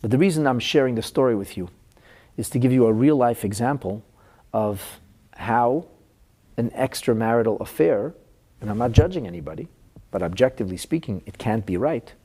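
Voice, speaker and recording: Earnest rabbi with a dark, husky voice. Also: male voice, medium pitch, expressive, normal speed. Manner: earnest, emotional storytelling with restarts. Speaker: rabbi teaching Talmud. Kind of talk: Talmud class with personal story.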